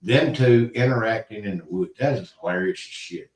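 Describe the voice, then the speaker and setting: Middle-aged male co-host, rambling storyteller, low voice, distant and roomy. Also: moderate pace. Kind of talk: casual storytelling chat.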